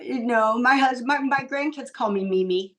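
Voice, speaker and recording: A woman's voice: on the high side, a little slow, a bit bright, poor audio. Earnest woman in her sixties, many ums. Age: 60s. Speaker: guest. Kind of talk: casual interview conversation.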